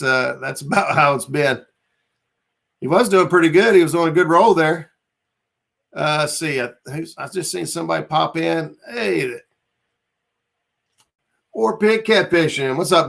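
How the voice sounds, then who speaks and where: A man's voice: a little high, creaky, a bit bright. A man hosting a casual livestream chat, laid-back and rambling as he reads out viewer comments. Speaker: livestream host.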